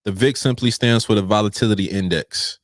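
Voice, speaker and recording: A man's voice: fairly low pitch, a little fast, no room sound, studio quality. A man hosting a live pre-market trading stream, talking straight to his viewers with playful, preachy energy. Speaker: trading show host.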